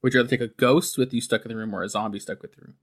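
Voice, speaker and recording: A man's voice: medium pitch, fairly even intonation, rapid-fire. A man hosting a podcast in casual chat, rambling with lots of fillers and frequent laughs. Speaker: podcast host.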